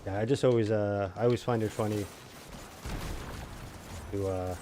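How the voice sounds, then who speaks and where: A man's voice: on the low side, fairly even intonation, moderate pace, background noise. A man streaming a video game, chatting casually with viewers, self-mocking and rambling with lots of fillers. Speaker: gaming streamer. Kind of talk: casual live-stream chat while gaming.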